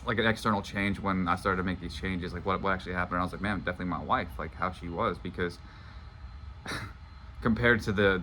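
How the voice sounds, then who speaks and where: Rambling man with a bright voice. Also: deep voice, slight background noise. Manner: casual, rambling, heavy use of "like". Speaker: manifestation coach. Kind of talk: personal storytelling to viewers.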